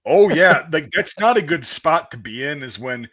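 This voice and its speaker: A man's voice: a little high, expressive, moderate pace, bright, forceful tone, husky. A man chatting casually as a podcast host, telling profane army training stories with lots of swearing. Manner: profane, storytelling, acts out a drill sergeant. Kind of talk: casual chat about army basic training.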